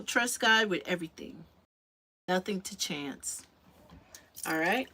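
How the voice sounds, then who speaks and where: A woman's voice: lowish voice, animated, slow, sharp tone, breathy edge. A woman chatting casually to her viewers while making a drink in her home kitchen, a little out of breath. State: slightly out of breath. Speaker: vlogger. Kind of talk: casual livestream chat. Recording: noticeable background noise.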